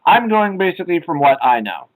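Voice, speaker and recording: A man's voice: sits high, big pitch swings, a little fast, rough recording. A young man co-hosting a casual podcast chat, rambling with many ums and uhs. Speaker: podcast co-host.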